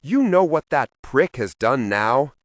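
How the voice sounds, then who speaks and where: A man voicing a hot-tempered middle-aged mob boss who yells and threatens. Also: mid-range voice, sing-song, a little slow, dry recording, clean studio sound, pitched above the performer's own voice. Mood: indignant. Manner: yelling, blustering, menacing.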